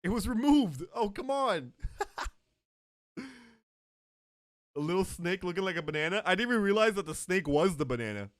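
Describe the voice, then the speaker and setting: A male streamer chatting with his viewers in a loose, joking way. His pitch swings widely and sits a little high for a man. The sound is close and dry, with no room echo. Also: moderate pace, pauses often. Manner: joking, animated, talks to chat. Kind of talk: casual live-stream chat.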